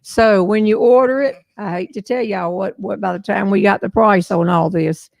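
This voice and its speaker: Folksy Southern woman, gravelly voice. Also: mid-range voice, moderate pace, darkish tone, no echo. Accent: American Southern. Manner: folksy, chatty storyteller, laughs often. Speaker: host. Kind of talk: casual livestream chat.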